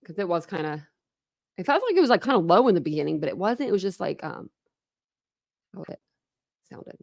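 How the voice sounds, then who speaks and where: Chatty Southern-twanged woman, slightly gravelly. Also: on the low side, sing-song, darkish tone, no echo, studio quality. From Ohio. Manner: rambling and chatty, many fillers and quick asides. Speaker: true crime channel host. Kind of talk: casual livestream chat.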